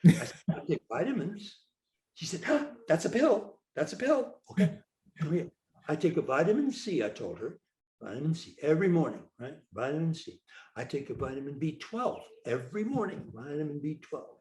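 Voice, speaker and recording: A man's voice: on the high side, fairly quick, reverberant. An older man, a guest in an interview, telling a funny anecdote and acting out each voice in it. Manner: animated storyteller, acts out dialogue with a lively voice. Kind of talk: storytelling anecdote.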